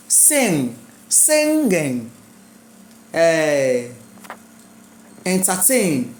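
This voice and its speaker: A teacher gives an exam-prep lesson, repeating words slowly and quizzing the listeners. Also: medium pitch. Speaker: English teacher.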